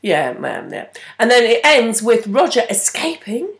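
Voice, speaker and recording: A woman's voice: a little high, wildly swooping pitch, measured pace, gravelly. A woman co-hosting a podcast, chiming in with dry quips while recapping a TV episode. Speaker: podcast co-host. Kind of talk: casual chat recapping a TV episode.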